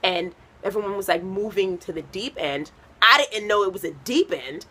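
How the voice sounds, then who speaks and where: A woman's voice: medium pitch, moderate pace, sharp tone, husky. A woman from a Haitian American family doing a stand-up set, telling rambling stories full of fillers. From United States, Haitian American family. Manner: chatty, rambling storytelling with many fillers. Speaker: stand-up comedian.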